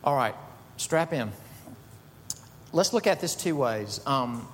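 A man preaching a sermon as pastor, emphatic, rising to high bursts on key words. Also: lively intonation, takes it slowly, in a large hall, slight background noise.

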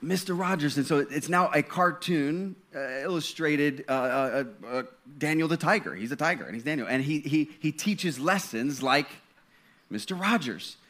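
A man's voice: fairly high pitch, expressive, moderate pace, a bit bright. A man preaching a sermon in a conversational style, stumbling and restarting, then building to fervent passages. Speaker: pastor.

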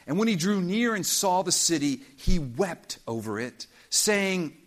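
Male pastor, high tenor, emphatic and impassioned sermon delivery. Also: sing-song, a little slow, few pauses. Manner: impassioned, emphatic preaching with dramatic quoted voices.

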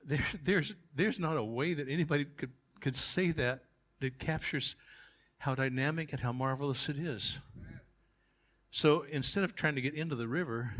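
A male pastor preaching a sermon, emphatic, swinging from quiet asides to shouted climaxes. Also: mid-range voice, moderate pace.

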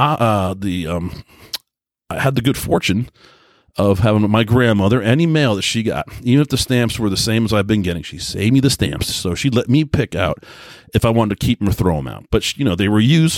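A man in his forties hosts a casual solo podcast, rambling through loose, self-deprecating stories with lots of restarts and filler words. His voice is lowish, and the studio-quality recording has no room sound.

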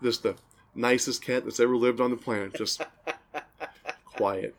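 A man's voice: medium pitch, flat delivery, fairly quick, vocal fry. A man co-hosting a podcast, telling long, rambling stories and laughing at them in casual chat. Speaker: podcast co-host.

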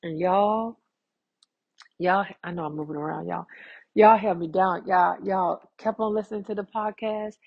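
A woman's voice: medium pitch, fairly even intonation, normal speed, creaky, breathy edge, highs cut off. A woman hosting a casual solo podcast from home, chatty and talking straight to her listeners as "y'all.". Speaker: podcast host.

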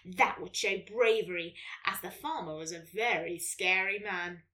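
A woman, hosting a children's podcast and reading a story in a gentle, lively way. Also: lowish voice, unhurried, distant mic.

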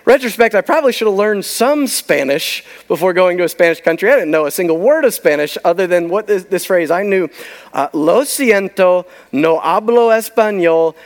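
High-voiced preacher telling a story. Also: male voice, animated, a little fast. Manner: emphatic storytelling, trailing into near-whispers. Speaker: pastor. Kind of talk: sermon with personal story.

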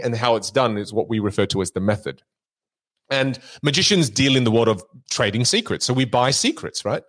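A man, a magician and keynote speaker, chatting casually on a podcast and telling stories with lots of energy. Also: mid-range voice. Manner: animated storyteller, repeats words when excited.

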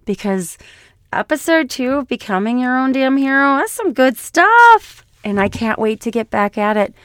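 A middle-aged woman hosting her own podcast, speaking hoarsely after an illness in a raw, blunt and heartfelt monologue. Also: mid-range voice, dry recording, studio quality. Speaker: podcast host.

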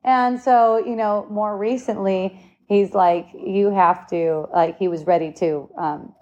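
A woman's voice: mid-range voice, fairly even intonation, measured pace, warm tone, highs cut off. A woman in her late forties telling a personal story in casual conversation, candid, laughing often and swearing freely. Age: 40s. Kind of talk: casual chat.

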